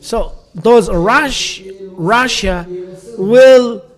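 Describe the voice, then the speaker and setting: Slow, high-voiced male preacher. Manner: emphatic, repeating and correcting himself while citing verses. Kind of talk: sermon.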